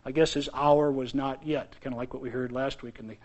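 A man preaching a sermon as pastor in his church, moving between loud exclamations and quiet asides. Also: mid-range voice, steady tone, a little fast, highs cut off.

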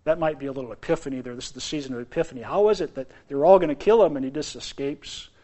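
A man preaching a sermon as pastor in his church, moving between loud exclamations and quiet asides. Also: mid-range voice, racing.

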